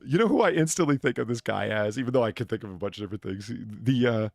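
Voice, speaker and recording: A man from the United States hosts a live stream with a gravelly voice that swings widely in pitch. He rambles casually and swears freely, restarting his sentences as he goes. The sound is dry and close. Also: lively intonation, very fast, dry recording. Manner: rambling, profane, with frequent restarts. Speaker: streamer and bartender host.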